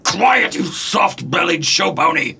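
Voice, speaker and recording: Gravelly, raging old king. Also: sits high, sing-song, slow, a little hiss or hum, pitched above the performer's own voice, exaggerated voice. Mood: furious. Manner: shouting, scornful, gravelly. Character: blustering furious old male king.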